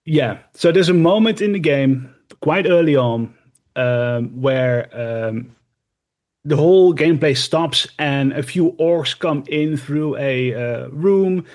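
A man with a somewhat high voice chats on a casual podcast. He tells his stories in a rambling, animated way, full of ums and restarts. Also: slow. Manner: rambling, animated storytelling with fillers. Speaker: podcast co-host and streamer. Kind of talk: casual chat.

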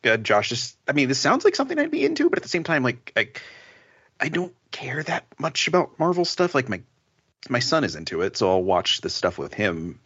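A man's voice: medium pitch, huge pitch swings, fairly quick, a bit bright, slightly rough. A middle-aged man co-hosting a podcast in casual chat, rambling and laughing often. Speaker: podcast co-host. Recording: dull lo-fi sound.

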